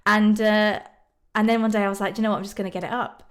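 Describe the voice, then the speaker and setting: A woman's voice: medium pitch, flat delivery, rapid-fire. A woman from Ireland chatting casually on a live stream, reading out viewer comments and answering them. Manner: bubbly, frequent ums and laughs.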